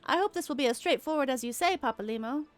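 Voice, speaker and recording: A woman voicing a cheerful, upbeat female adventurer in a game, bright and chirpy. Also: high voice, lively intonation, fast talker, dry recording, voice pushed up.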